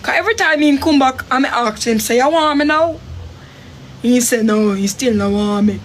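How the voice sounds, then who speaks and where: Jamaican woman, high voice, animated casual storyteller, faint noise behind. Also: brisk. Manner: animated, acts out her own quotes with sharp pitch jumps.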